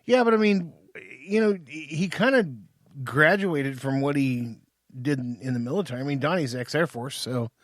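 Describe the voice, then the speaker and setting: A man's voice: on the high side, normal speed, no room sound. A man co-hosting a podcast in a studio, bantering and joking in casual chat. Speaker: podcast co-host.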